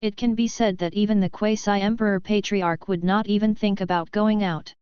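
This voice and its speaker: A woman narrates a fantasy audiobook in a steady, even voice. Her tone is very smooth and crisp. The recording is dry and has a slightly dull, lo-fi sound. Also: mid-range voice, moderate pace, no echo.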